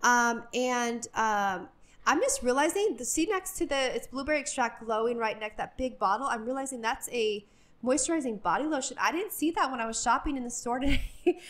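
A woman's voice: on the high side, lively intonation, moderate pace, a bit bright. Chatty woman on a store walk-through. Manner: chatty and enthusiastic, many ums, gushes over products. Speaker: shopping vlogger. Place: inside a retail store.

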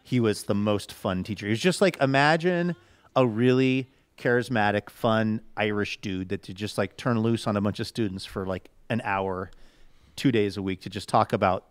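A man's voice: lowish voice, normal speed, clear, resonant tone, dry recording. A man hosting a podcast in casual comedic chat, rambling and self-mocking, recorded in a studio. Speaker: podcast host.

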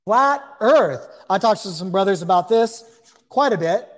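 A man's voice: high-pitched, lively intonation, measured pace. A man teaches a Bible lesson to camera indoors. His talk is loose and conversational, full of asides and repeated phrases as he works through his points.

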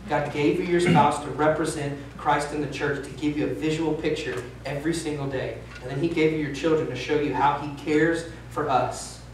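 Candid pastor in an echoey church. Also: male voice, fairly high pitch, fairly even intonation, normal speed, hardly any pauses, slight background noise. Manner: candid, self-deprecating, emphatic. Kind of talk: sermon. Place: church sanctuary. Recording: echoey church hall from a distance.

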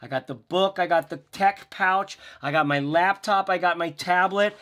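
A man's voice: high-pitched, normal speed, pushed and bright. A man giving a casual vlog review of bags, chatty and rambling with playful asides. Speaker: bag reviewer.

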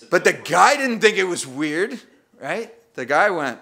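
A man's voice: on the high side, very animated, a little slow, pushed and bright. A man preaching a sermon as pastor, chatty and self-deprecating, often acting out little voices and laughing at the text. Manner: conversational, self-deprecating, acts out voices with humor. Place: church.

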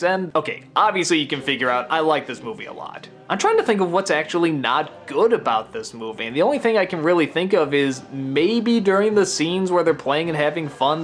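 A man giving an enthusiastic film review, gushing and rambling with animated asides. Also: fairly high pitch.

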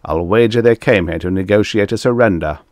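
A man's voice: fairly low pitch, a little fast, no room sound, studio quality, natural voice. A man voicing a boastful, warlike alien male ruler who hoots and blusters in a storybook reading. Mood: bullying. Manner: hooting, blustering, bellowing.

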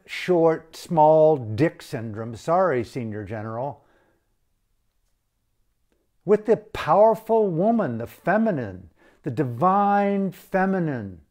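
A man with a somewhat high-pitched voice, ranting with blunt outrage. He talks in a profane, impassioned way, as if addressing leaders directly. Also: a little mellow. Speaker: activist. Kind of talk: impassioned video rant.

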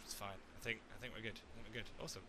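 A young man chatting through a video game playthrough in a jokey, excitable way. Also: fairly low pitch, racing, heavy background noise. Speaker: let's play gamer. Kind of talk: casual game commentary.

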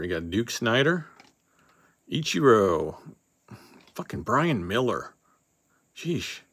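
A man with a fairly low, gravelly voice runs a casual card-opening session, calling out names and tossing in offhand jokes and the odd curse. The sound is dry and close, with no room echo. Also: a bit bright. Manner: offhand, joking, swears casually, reads names as he goes. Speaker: card box breaker host.

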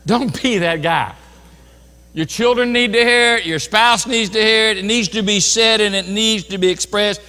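A man's voice: high voice, takes it slowly, long pauses, bright, forceful tone, long reverb tail. An older man, a pastor, preaching a sermon with earnest, folksy asides.

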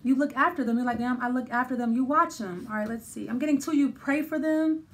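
A woman's voice: high voice, fairly quick. A woman giving a casual tarot reading, thinking aloud with many restarts and fillers. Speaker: tarot reader.

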